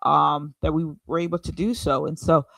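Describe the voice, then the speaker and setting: A woman's voice: sits low, flat delivery, normal speed, gravelly, fairly bright tone, dry recording. A Haitian American woman co-hosting a podcast, explaining her points at length in a reflective, casual way. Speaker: podcast co-host. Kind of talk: casual chat.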